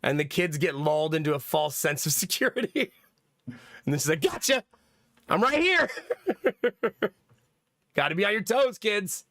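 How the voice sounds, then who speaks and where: A man's voice: on the high side, a little fast, fairly bright tone, dry recording, clean studio sound. A young man hosting a livestream, chatting casually to his viewers, rambling from topic to topic and laughing often. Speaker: livestream host. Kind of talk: casual stream chat.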